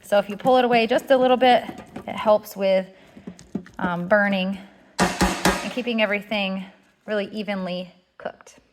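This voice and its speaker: A woman explaining a kitchen task step by step in a relaxed, casual tutorial, with the odd filler. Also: mid-range voice, normal speed, pauses often, noisy background. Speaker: homestead cooking instructor. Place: home kitchen.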